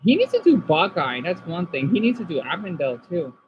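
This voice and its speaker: A man from Arizona streaming casually, reading chat comments aloud and reacting, moving between subdued talk and excited outbursts. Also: a little high, fairly quick, highs cut off, slight background noise.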